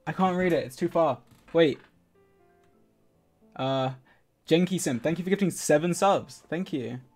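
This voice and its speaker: Casual male streamer, rambling and giggly, middle-pitched voice, soft music underneath. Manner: chatty and scattered, laughs often, thanks viewers. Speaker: live streamer. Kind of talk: casual live-stream chat while gaming. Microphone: desk microphone. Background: faint game music.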